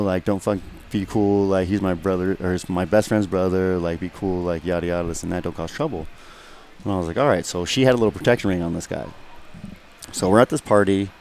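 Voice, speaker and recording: A man's voice: deep voice, a little mellow, a little hiss or hum. A young man, a guest fighter, telling a rambling, profane story in casual chat and often asking "you know what I mean".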